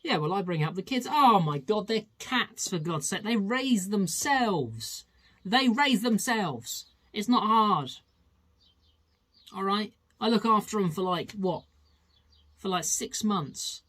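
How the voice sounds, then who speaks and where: A man voicing a bitter, fed-up male tiger who rants his complaints in loud, repeated phrases. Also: high-pitched, lively intonation, takes it slowly, voice pushed up, full character voice. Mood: angry ranting.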